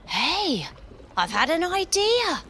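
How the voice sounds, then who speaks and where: A woman leads a kids' yoga adventure in a high, wildly lively voice, full of gasps and sound effects. She takes her time and spells out each move slowly. Soft music plays behind her. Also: slight background noise. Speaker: children's yoga host. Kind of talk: storytelling yoga lesson for kids.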